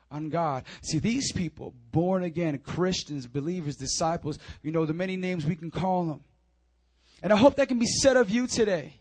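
High-voiced, animated male preacher. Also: moderate pace. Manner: animated preaching, swinging between loud urging and quiet intimacy; repeats calls like "come on now" and "I'm telling you". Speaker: pastor. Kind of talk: sermon.

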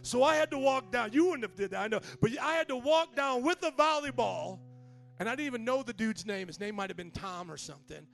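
A man in his late thirties, a pastor telling a story in a sermon, animated and casual, acting out quotes. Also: extremely high pitch, brisk, creaky, soft background music.

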